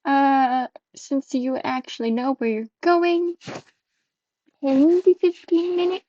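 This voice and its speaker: Woman game master, warm tone, steady descriptive narration, dry lo-fi. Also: high-pitched, slow pace, dry recording.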